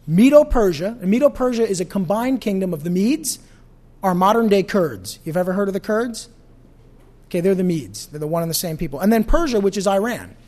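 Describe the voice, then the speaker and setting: Preacher teaching prophecy. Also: medium pitch. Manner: conversational, asks the audience questions. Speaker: pastor teaching a Bible study. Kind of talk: evening Bible-study teaching.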